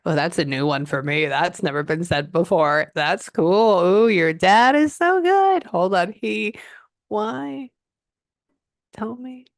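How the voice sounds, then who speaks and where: Low-voiced woman relaying a medium reading. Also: slow pace, no echo, clean studio sound. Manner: animated, relays messages in quotes, frequent "hold on". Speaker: psychic medium.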